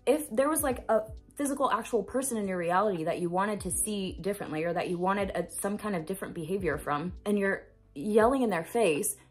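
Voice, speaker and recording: A woman's voice: mid-range voice, fairly quick. A woman manifestation coach giving an earnest, emphatic self-help talk to camera, repeating phrases for stress and swearing now and then.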